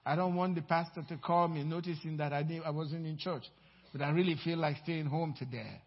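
The speaker is a male pastor giving a sermon in a church sanctuary, fairly quick and steady in tone. He's emphatic, shifting between loud declarations and low-voiced asides, in a dull, echoing hall recording.

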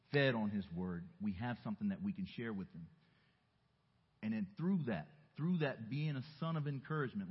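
A man from the Southern US preaching a sermon, telling a personal story earnestly and dropping softly into reflective asides. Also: fairly low pitch, husky. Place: church sanctuary. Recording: muffled recording in a reverberant church hall.

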